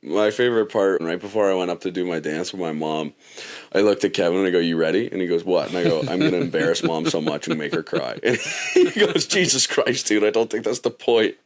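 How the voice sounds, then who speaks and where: A podcast co-host with a deep voice tells stories in a casual, laid-back chat. He talks fast and expressively.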